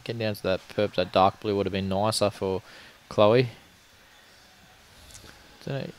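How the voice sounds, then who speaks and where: A man commentating a lawn bowls livestream in relaxed, jokey banter. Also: lowish voice, a little slow, clear, resonant tone. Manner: laid-back, jokey banter.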